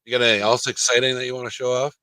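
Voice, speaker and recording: A man's voice: medium pitch, little pitch movement, racing, bright, forceful tone, a little hiss or hum. A man hosting a casual toy-collecting chat, easygoing, steering the talk and asking his co-hosts questions.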